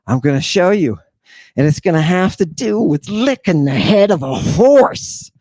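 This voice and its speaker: A man lecturing with a theatrical flair, pressing on key words and repeating them for effect. His voice sits a little high for a man and he takes his time. The sound is close and dry. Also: sing-song, measured pace, a little mellow, no room sound. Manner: emphatic, repeats key words, fires rhetorical questions. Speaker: lecturer and host.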